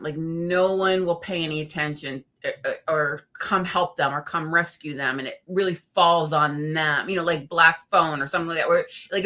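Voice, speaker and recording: A woman reviewing horror films in a casual chat, expressive and animated, acting out her reactions. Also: lowish voice. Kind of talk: casual film discussion.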